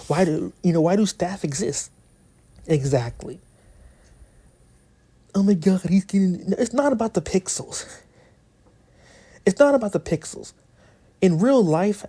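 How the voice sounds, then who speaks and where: A YouTuber with a high-sitting, dark-toned voice rants angrily at his community, sounding aggrieved as he piles on rhetorical questions. When he gets worked up he stumbles, restarts, and repeats lines, and his frequent swearing sharpens the frustration.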